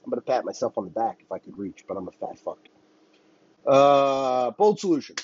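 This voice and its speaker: A man delivers a solo commentary rant, swearing freely and wandering from point to point. His husky voice swings widely up and down. The recording is dull and lo-fi, with a dry sound. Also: medium pitch, expressive, moderate pace, darkish tone. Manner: profane, heated, rambling. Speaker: podcast host.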